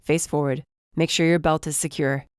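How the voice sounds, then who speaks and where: A woman's voice: low-pitched, little pitch movement, moderate pace, darkish tone, smooth, no echo, clean studio sound, lightly acted. A woman voicing a young man who drives under pressure and speaks in short, clipped, gritted lines. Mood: tense, terse.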